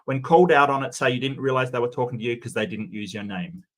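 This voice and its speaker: A man's voice: medium pitch, fast talker, fairly bright tone. A man hosting a casual livestream, reading forum posts and chat comments aloud and chatting about them.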